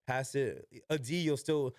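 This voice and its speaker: Brief: young adult man, podcast guest, clear resonant voice, dry close sound, loose slangy storytelling with cursing. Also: medium pitch, steady tone, unhurried, darkish tone, no room sound. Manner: slangy, peppered with "yo" and "like", swears freely. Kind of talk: casual storytelling.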